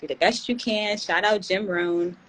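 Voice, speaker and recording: A young woman hosts a livestream in a loose, slangy, affectionate way. Her voice sits at an ordinary middle pitch and jumps suddenly upward whenever she acts out a reaction. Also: moderate pace, rough recording. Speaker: tarot channel host. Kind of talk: casual livestream chat.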